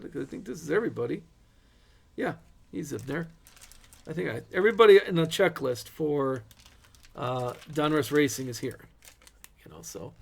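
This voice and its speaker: A man's voice: a little high, gravelly. A middle-aged man hosting a live card break, chatting casually and cracking corny dad jokes.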